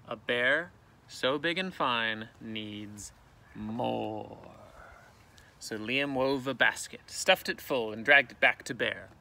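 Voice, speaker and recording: Teacher guy reading a kids book out in a canoe, slow and dramatic, super bright gravelly voice. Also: medium pitch. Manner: expressive, dramatic storytelling. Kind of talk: picture book read-aloud. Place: canoe outdoors on water.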